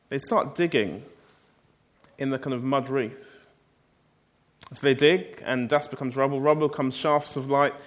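Conversational man preaching a sermon. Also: fairly high pitch. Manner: conversational storytelling with rhetorical questions.

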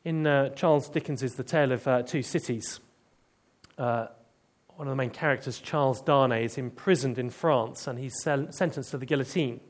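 Preacher man with soft hushed drops. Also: mid-range voice, moderate pace. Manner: storytelling, dropping to hushed tones for emphasis. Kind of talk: sermon.

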